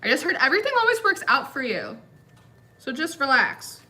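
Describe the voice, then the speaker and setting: Bright-voiced chatty young woman tarot reader. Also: high-pitched, sing-song, brisk, a little hiss or hum. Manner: chatty, giggly, uses lots of fillers. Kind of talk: casual tarot reading chat.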